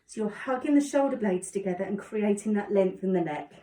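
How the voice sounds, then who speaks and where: A woman calmly guiding a yoga class with encouraging cues. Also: mid-range voice, brisk. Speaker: yoga instructor. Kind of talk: guided exercise instruction. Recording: echoey room, distant mic.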